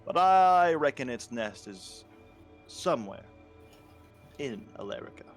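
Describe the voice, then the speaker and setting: A man voicing a solemn, formal river king in a tabletop game, speaking in a measured, hesitant way. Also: mid-range voice, lively intonation, faint music behind. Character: solemn middle-aged human river king.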